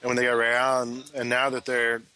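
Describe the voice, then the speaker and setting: A man co-hosting a casual basketball podcast, giving measured, thoughtful takes. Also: medium pitch, completely flat delivery, bright, forceful tone, a little hiss or hum, poor audio. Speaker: podcast co-host.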